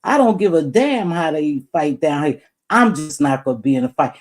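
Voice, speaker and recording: A woman's voice: deep voice, animated, normal speed. A woman hosting a live stream in a blunt, preachy rant, swearing freely.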